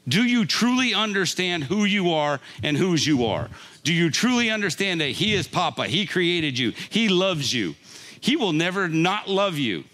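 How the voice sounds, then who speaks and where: A man's voice: high-pitched, sing-song, normal speed, a bit bright. An older man preaching a conversational sermon, often laughing and checking in with a "right?". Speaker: pastor.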